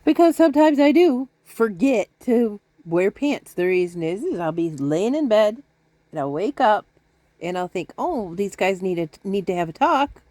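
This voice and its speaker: A woman's voice: mid-range voice, big pitch swings, normal speed, warm tone, no echo. A middle-aged woman talking to her viewers from home in a rambling, chatty, self-deprecating way. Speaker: vlogger. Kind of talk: casual chat to camera. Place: at home, indoors.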